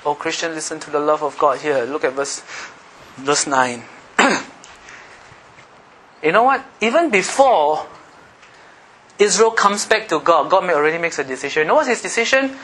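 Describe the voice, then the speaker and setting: A middle-aged man preaching a sermon as pastor, swinging between loud, emphatic passages and soft, confiding asides. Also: on the high side, expressive, normal speed, pauses often, slight background noise.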